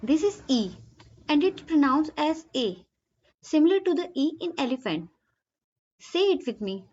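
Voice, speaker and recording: A woman teaching a language lesson, saying each letter and example word slowly and repeating them for the listener to copy. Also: sits high, big pitch swings, darkish tone, highs cut off. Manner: slow, careful, repeats each word for practice. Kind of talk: slow scripted alphabet lesson.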